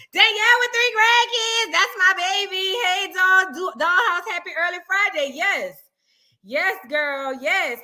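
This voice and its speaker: A high-pitched woman with a New Orleans accent, hosting a loose livestream chat. Her voice is bright and forward, and she talks in an animated, playful way as she greets her viewers one by one. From New Orleans, Louisiana. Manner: animated, playful, calls viewers boo and girl. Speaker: livestream host.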